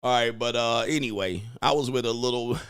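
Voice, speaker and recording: A man's voice: medium pitch, a little fast, fairly bright tone, clean tone, no room sound, clean studio sound. A man hosting a show, ranting crudely, mocking his listeners and breaking into laughter as he acts out their voices. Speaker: podcast host and dating coach. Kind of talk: crude comedic rant.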